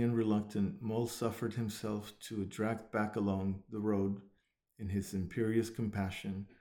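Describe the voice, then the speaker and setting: Low, flat-voiced man narrating a storybook. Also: rough recording. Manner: even, measured reading with small slips. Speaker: audiobook reader.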